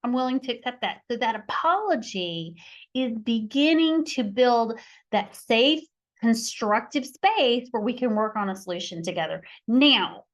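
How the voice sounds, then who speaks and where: A middle-aged woman, a mediator and instructor, talks through conflict skills in an emphatic teaching manner. Her voice sits slightly high, and she drives points home by repeating key phrases. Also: animated, unhurried. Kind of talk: podcast teaching talk.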